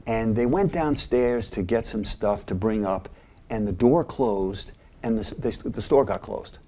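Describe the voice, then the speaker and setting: An older man who once headed a mental health agency tells stories as an interview guest, speaking at a measured pace in a lowish voice. He's animated, acting out scenes with different voices.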